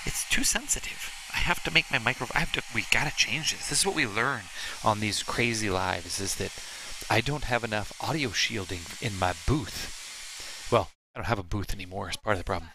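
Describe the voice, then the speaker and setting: A man's voice: fairly low pitch, brisk, noisy background. A man co-hosting a live stream, chatting casually with playful, rambling asides. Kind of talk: casual chat.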